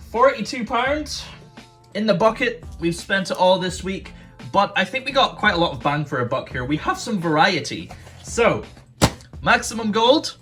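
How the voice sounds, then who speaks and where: A man chatting casually as he opens card packs, his voice bright and ringing and his pitch bouncing around a lot. He mutters low when disappointed and shouts and swears when excited. Faint music plays behind him. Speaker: YouTube card-opening host. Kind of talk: casual pack-opening commentary.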